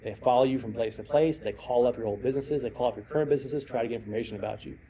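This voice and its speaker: A man's voice: medium pitch, rapid-fire, warm tone, a little hiss or hum, rough recording. A middle-aged man giving a conference talk on security, telling stories and acting out the people in them. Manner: storytelling, acts out quoted voices. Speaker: cybersecurity speaker. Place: presentation room.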